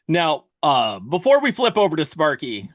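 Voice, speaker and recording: A man's voice: a little high, huge pitch swings, normal speed, no echo, clean studio sound. A man co-hosting a podcast, dropping jokey asides in crude comedic banter. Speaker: podcast co-host.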